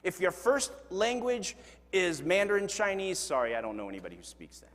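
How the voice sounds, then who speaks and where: A high-pitched, brisk male pastor delivers a sermon full of humorous stories, acting out the quotes and making self-deprecating jokes. The congregation's laughter rings through the sanctuary's long hall reverb.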